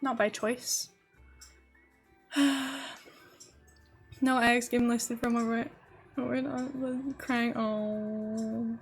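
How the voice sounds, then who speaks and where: Brief: young woman streamer, slightly high voice, chatty and giggly, faint music under her. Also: level tone, very slow, long pauses, breathy edge. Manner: chatty and giggly, rambling to chat while building. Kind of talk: casual live-stream chat.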